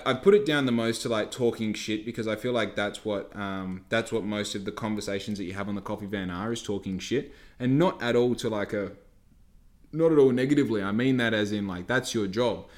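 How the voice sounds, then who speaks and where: A young bloke in his twenties rants in a casual monologue. He talks in a mid-pitched voice, cheeky and foul-mouthed, and flares into heated outbursts. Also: moderate pace. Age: 20s. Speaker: coffee van worker vlogging.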